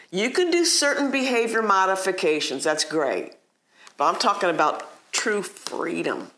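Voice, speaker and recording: A woman's voice: medium pitch, a bit bright. Earnest woman teaching faith, echoey room. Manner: earnest and emphatic, acting out inner prayers. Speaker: Christian teacher. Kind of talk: devotional teaching.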